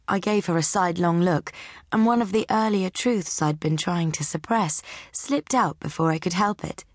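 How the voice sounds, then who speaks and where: A woman reading a novel aloud in the first person, with wry, measured storytelling. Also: lowish voice, dry recording, studio quality. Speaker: audiobook narrator.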